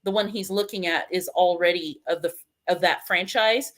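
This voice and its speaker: A middle-aged woman from the United States chatting casually, lively and quick to laugh while she browses a menu. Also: on the low side. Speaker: host. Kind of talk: casual chat.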